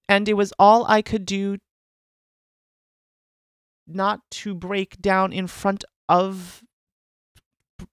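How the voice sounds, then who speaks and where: A woman in a casual editing session, reading a story aloud and thinking out loud about its flaws with many restarts and asides. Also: mid-range voice, no echo. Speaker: story editor critiquing a submitted story.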